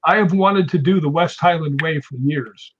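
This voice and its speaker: A man's voice: a little high, normal speed, highs cut off. A middle-aged man hosting a casual chat who tells stories and laughs often. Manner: chatty storyteller, laughs often. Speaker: guest host. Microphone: video call.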